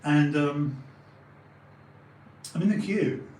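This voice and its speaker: A man's voice: fairly high pitch, very slow, darkish tone, slight background noise. A man in his late forties chatting on a live stream, rambling with fillers and restarts and swearing freely. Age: 40s. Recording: roomy home recording, faint ambience.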